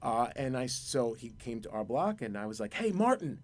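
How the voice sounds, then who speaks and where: A man from Brooklyn, a musician guest telling a long, excitable story in a radio studio and repeating his words. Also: mid-range voice, normal speed. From Brooklyn, New York. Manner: rambling, excitable, repeats words, acts out voices.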